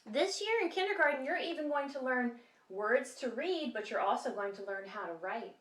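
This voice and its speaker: A woman teaches a kindergarten lesson in a bright, sing-song voice made for small children. Her voice bounces around a bare classroom. The mic sits some distance away, so she sounds a little distant and hollow. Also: on the high side, normal speed. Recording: echoey room, mic set back.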